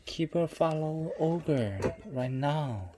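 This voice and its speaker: A man's voice: a little high, lively intonation, slow. A young man tutoring a child in reading, prompting and correcting words and murmuring agreement. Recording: clear background noise.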